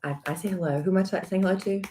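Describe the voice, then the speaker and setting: A woman's voice: mid-range voice, very fast, mellow. A middle-aged woman co-hosting a casual live stream, sounding sleepy and talking in a playful, chatty way. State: sleepy, just woke up.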